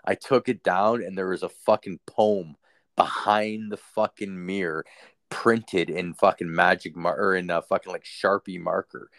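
Low-voiced man telling a rambling story. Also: fairly even intonation, a little slow, a bit bright, dry recording. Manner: rambling, heavy swearing, filler-laden. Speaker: podcast host. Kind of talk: casual storytelling.

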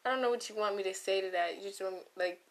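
A young woman vlogger speaks quickly at medium pitch in a casual comic monologue, rambling, losing her train of thought, and making playful asides. She is close-miked.

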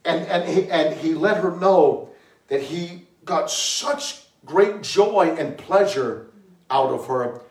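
A man preaching a sermon to a congregation, telling a story with laughter and sudden shouted bursts. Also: a little high, slow. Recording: echoey room, mic far from speaker.

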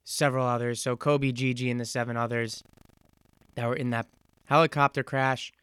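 A man in his twenties hosting a solo podcast, talking in an earnest, reflective and halting way. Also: medium pitch, level tone, a bit bright, clean tone, no room sound, studio quality. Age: 20s. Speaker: podcast host. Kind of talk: casual solo podcast monologue.

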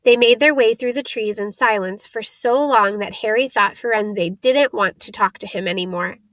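A woman reading a children's novel aloud as an audiobook narrator, in a steady, expressive storybook style. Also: medium pitch, normal speed, no echo, poor audio.

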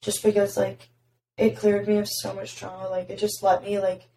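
A raspy young woman hosting a casual podcast chat, her speech dotted with constant "like"s. She sounds a little away from the mic, in a room with audible echo. Faint background hiss sits underneath. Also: medium pitch, completely flat delivery, normal speed, dark tone. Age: young adult. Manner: chatty, heavy filler "like". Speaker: podcast host. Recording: roomy, distant mic.

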